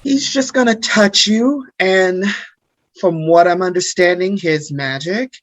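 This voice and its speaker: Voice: mid-range voice, takes it slowly, no echo. A tabletop game player speaking earnestly and pleadingly in character. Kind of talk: in-character tabletop role-play.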